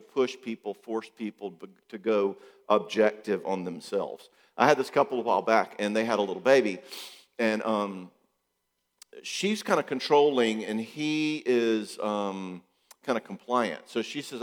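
Animated male counselor in a reverberant hall. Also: fairly low pitch, measured pace. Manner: animated, acts out quoted dialogue. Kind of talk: talk to an audience.

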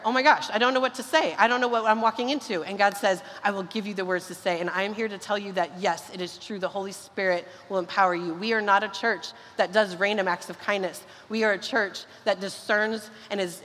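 Woman pastor, fervent sermon, medium pitch, long church-hall reverb. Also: fairly bright tone, a little hiss or hum. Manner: earnest, fervent, with quick bursts. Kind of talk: sermon and closing prayer.

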